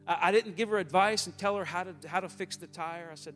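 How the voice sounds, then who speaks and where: Southern pastor preaching in a reverberant hall. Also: male voice, sits high, quick pace, over music. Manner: preaching with swells from quiet storytelling to loud exhortation. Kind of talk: sermon.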